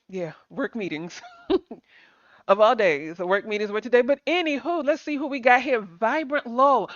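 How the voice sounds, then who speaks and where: A woman's voice: on the high side, fairly bright tone, no room sound, dull audio. A sassy, chatty woman hosts a livestream, calling her viewers honey and sugar. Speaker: livestream host. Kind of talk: casual chat to live viewers.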